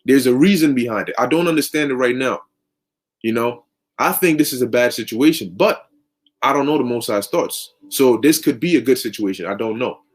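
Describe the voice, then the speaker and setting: A man's voice: medium pitch, normal speed. A man preaching through a long story in casual, slangy, conversational talk. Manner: conversational, lots of fillers and restarts, slang.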